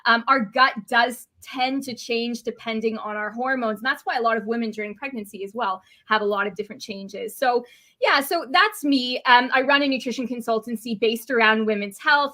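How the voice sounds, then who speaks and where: A woman's voice: fairly high pitch, brisk, sharp tone. A Canadian woman with a Canadian accent, a dietitian guest speaking in a friendly way with frequent fillers. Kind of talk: interview conversation.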